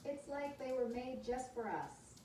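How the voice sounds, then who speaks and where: A woman's synthetic voice reading the lines of a cheerful young girl hedgehog in a storybook, in a smooth, evenly paced read. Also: sits high, lively intonation, measured pace, mellow, distant mic, slight background noise, pitched above the performer's own voice. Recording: echoey room, smart speaker heard from afar.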